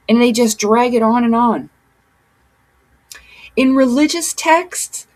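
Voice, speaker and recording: A woman's voice: on the high side, slightly rough, rough recording. A woman hosting her own commentary vlog, speaking earnestly and insistently, often repeating herself for emphasis. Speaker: commentary channel host.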